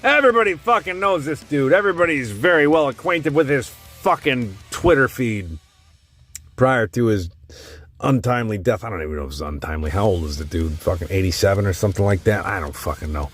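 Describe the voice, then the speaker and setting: A man's voice: fairly low pitch, lively intonation, brisk, fairly bright tone, faint music behind. A man hosting a tier-list video, talking casually and bluntly, rambling and cursing constantly as he ranks old wrestling gimmicks. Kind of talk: casual profane commentary.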